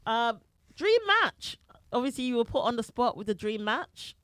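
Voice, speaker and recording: Giggly high-pitched woman host. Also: animated, moderate pace, dry recording. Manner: chatty, giggly, asks quiz questions. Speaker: podcast co-host. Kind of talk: casual podcast chat.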